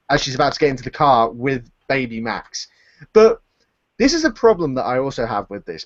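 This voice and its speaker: Animated man ranting on a dull stream. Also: medium pitch, dry recording. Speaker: podcast co-host. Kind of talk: casual chat.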